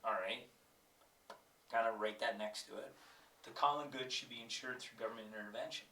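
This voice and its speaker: A man's voice: medium pitch, fairly quick, sharp tone, reverberant, recorded from a distance, a little hiss or hum. A man with a cold, a teacher thinking aloud as he works through exam questions and reads passages aloud. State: has a cold.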